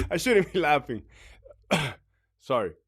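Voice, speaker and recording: A man's voice: fairly high pitch, big pitch swings, slow pace, a bit bright, slightly rough. A middle-aged man and former corrections officer giving blunt, profane advice in a casual monologue. He laughs often and acts out other people's lines.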